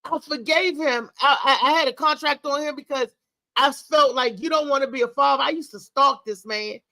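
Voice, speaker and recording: A middle-aged woman talk show host with a high, bright voice tells a candid story with emphatic, animated energy. Her voice is close and dry, with no room sound. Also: moderate pace, no echo, rough recording.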